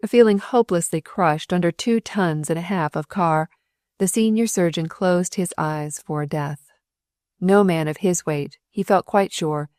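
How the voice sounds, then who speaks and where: A woman narrating a novel as an audiobook, telling the story in an expressive, dramatic way. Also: fairly low pitch, no echo, studio quality.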